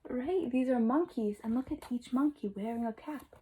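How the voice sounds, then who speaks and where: A woman teacher reading a picture book aloud to young children, expressive and asking them questions, dropping to whispers for asides. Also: a little high, a little fast, slight background noise, poor audio. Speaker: kindergarten teacher.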